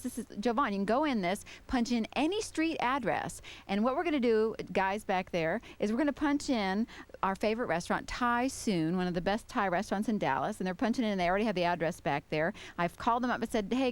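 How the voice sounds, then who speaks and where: A woman's voice: medium pitch, animated, a little fast. A woman co-hosting a live call-in radio show, bubbly and chatty as she walks through a website. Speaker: co-host. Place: radio studio.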